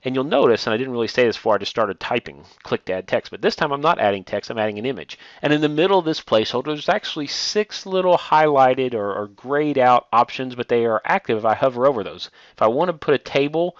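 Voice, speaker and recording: A male instructor walking through a software tutorial step by step, plainly explaining with occasional fillers. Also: mid-range voice, lively intonation, quick pace, few pauses, no echo.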